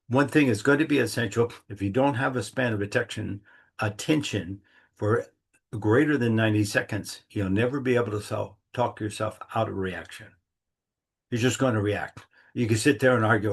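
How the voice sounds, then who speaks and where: A man's voice: fairly low pitch, normal speed, slightly rough. A middle-aged man giving a casual, rambling monthly talk, acting out little inner dialogues in a folksy way. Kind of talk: casual reflective monologue.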